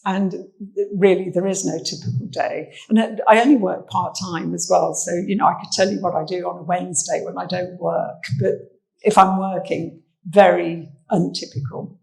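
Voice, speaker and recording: A woman's voice: on the low side, fairly even intonation, moderate pace, creaky, a little mellow, low-quality recording. An English woman, a social history researcher, giving a chatty, anecdotal armchair talk about old photographs, with fillers. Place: indoor talk venue.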